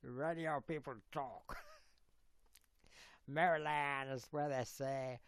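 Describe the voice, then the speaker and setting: A man with an Australian accent hosting a casual livestream chat, rambling and giggling, now and then breaking into loud put-on voices. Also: medium pitch, steady tone, slow pace, gravelly, long pauses, clear, resonant tone, no echo. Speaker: livestream host.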